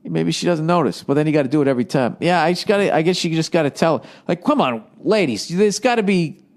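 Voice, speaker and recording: A man in his forties from the United States talks through a casual comedy podcast. His voice sits a little high for a man. He rambles, swears and sounds exasperated as he riffs. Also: animated, quick pace. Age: 40s. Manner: rambling, profane and exasperated, riffing off forum posts. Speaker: podcast host.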